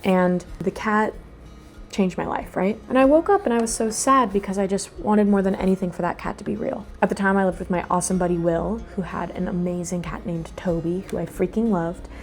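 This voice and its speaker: Brief: young woman vlog host, casual rambling chat, mid-pitched, soft music bed underneath. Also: fairly quick. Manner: rambling, chatty, with sudden self-talk asides. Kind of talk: casual chat while doing a craft.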